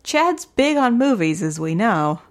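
A woman co-hosting a podcast, recapping a show in casual chat, step by step and steady. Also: medium pitch, unhurried. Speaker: podcast co-host.

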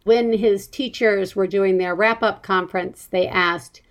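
A woman's voice: medium pitch, fairly even intonation, unhurried. A woman hosting a parenting podcast in casual chat, rambling and self-mocking and often laughing as she talks. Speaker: podcast host.

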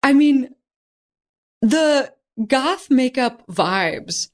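A woman hosting a podcast, talking in a soft-spoken, hesitant way with many fillers. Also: sits high, expressive, drawn-out words. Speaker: podcast host. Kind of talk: casual conversation.

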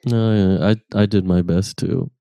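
A man co-hosting a comedy podcast over a video call, chatting casually and reading listener messages aloud in a dry, low-key way. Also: steady tone, unhurried, creaky, dry recording, muffled recording. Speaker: podcast co-host. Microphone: remote call microphone.

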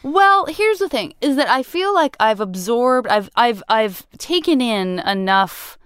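A woman hosting a podcast, asking animated, rambling questions in casual chat. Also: fairly high pitch, unhurried, clean tone, dry recording, clean studio sound. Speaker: podcast host.

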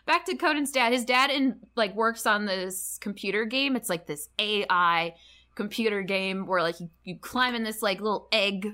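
A woman's voice: mid-range voice, moderate pace, sharp tone. A woman co-hosting a podcast in casual chat, rambling with lots of "like" and frequent laughter. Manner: rambling, heavy on "like", laughs often. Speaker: podcast co-host.

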